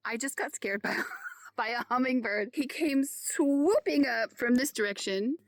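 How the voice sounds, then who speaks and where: Woman van-life vlogger, upbeat and fast-talking, outdoors, dry close camera mic. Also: high voice, no echo. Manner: excitable, fast-talking, laughs often. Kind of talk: casual chatty vlog. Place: outdoors at a campsite.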